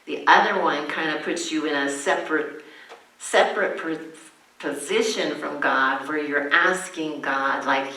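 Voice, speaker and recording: A woman pastor giving a sermon, teaching gently and with emphasis, acting out short prayers as she goes. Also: sits low, a little slow, recorded from a distance. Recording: echoey room, voice from the mic.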